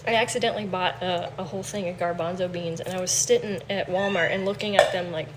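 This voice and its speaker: A woman's voice: on the low side, fairly even intonation, fast talker, background noise. A woman chatting casually on a livestream from her home kitchen, talking to viewers. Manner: chatty, coos baby talk to her cat. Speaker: livestream host.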